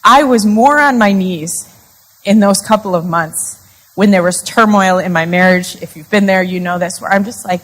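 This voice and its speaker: A woman's voice: mid-range voice, normal speed, low-quality recording. A woman with a mid-range voice talks openly to a live conference crowd about faith. Her delivery is chatty and confessional, peppered with "like". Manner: chatty and confessional, with frequent "like" fillers. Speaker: conference speaker and podcast co-host. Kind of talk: candid faith talk to a live audience. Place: live women's conference session.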